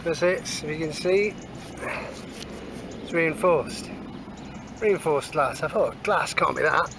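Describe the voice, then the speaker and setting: A man with a fairly high, gravelly voice talks slowly as he metal detects in a field, giving a casual, cheeky running commentary. He's chatty, full of cheeky asides, and keeps saying "moving on," with outdoor noise behind.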